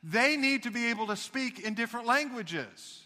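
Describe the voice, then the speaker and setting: A man's voice: very high voice, expressive, moderate pace, pushed and bright, long reverb tail. A man preaching a sermon, emphatic, with folksy asides. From United States. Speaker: pastor.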